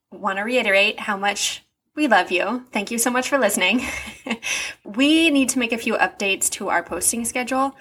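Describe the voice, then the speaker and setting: A woman's voice: medium pitch, fairly bright tone. Earnest self-deprecating young woman. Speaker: podcast co-host. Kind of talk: casual chat.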